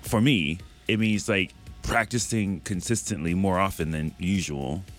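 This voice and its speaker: A man's voice: deep voice, a little slow, fairly bright tone, faint music behind. A man in his forties talking as a guest on a radio show, playful and reflective. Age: 40s. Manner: playful, reflective, laughs often. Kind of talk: casual chat.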